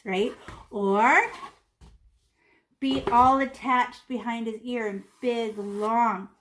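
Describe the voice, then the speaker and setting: A woman teaching children a painting lesson, talking as she paints, playful and animated with little sound effects. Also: on the high side. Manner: talks while painting, demonstrating step by step. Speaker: art teacher.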